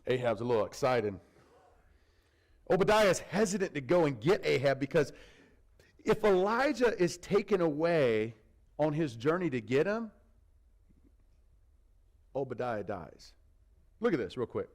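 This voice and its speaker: Lively, high-voiced male preacher. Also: unhurried, long pauses, rough recording. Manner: animated storytelling, conversational asides. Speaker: pastor. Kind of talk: sermon.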